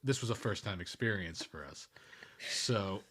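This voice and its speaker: A man's voice: fairly low pitch, lively intonation, normal speed, fairly bright tone. A man co-hosting a podcast in casual chat, rambling, laughing often and swearing now and then. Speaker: podcast co-host.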